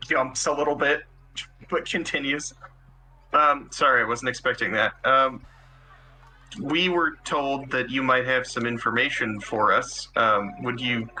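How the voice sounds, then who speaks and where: A man's voice: medium pitch, pushed and bright, low-quality recording. A man playing a tabletop game, voicing his character politely and hesitantly with many ums. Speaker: player. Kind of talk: roleplaying a character in a live game.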